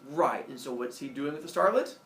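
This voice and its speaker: A man teaching a class, reading a novel aloud with animated expression and asking the students questions. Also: on the high side, a little fast, distant mic, crowd noise. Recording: roomy room from afar, faint ambience.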